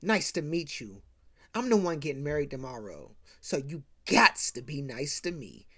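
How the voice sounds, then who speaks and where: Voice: mid-range voice, big pitch swings, normal speed, bright, forceful tone, slightly rough, pitched below the performer's own voice, full character voice. A movie-recap host voicing a cocky, pushy young groom who talks in bossy, swaggering slang. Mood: smooth.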